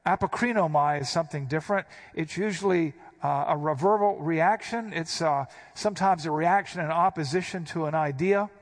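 Pastor, male, a touch high in pitch; expository sermon, explains Greek words, punches the quoted lines. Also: normal speed, hardly any pauses.

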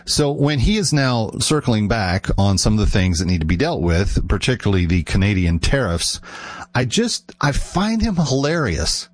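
A man's voice: lowish voice, sing-song, moderate pace, dry recording. A man from the United States giving casual, opinionated commentary in a wry, amused manner. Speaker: political commentator.

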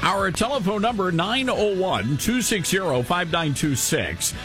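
A man's voice: high voice, lively intonation, measured pace, over music. A man hosting a talk radio show into a studio microphone, sarcastic, with mocking asides and put-on coughing fits.

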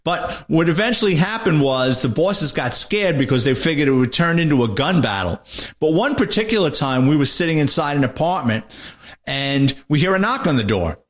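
An older man spins a police anecdote for radio listeners. His voice sits a little high, and he carries the story along with a lively storyteller's drive. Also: normal speed. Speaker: retired detective turned author, radio guest.

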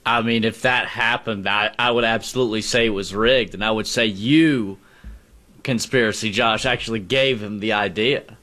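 A man's voice: lowish voice, moderate pace, bright, forceful tone. A man co-hosting a sports talk radio show, teasing his partner with amused banter.

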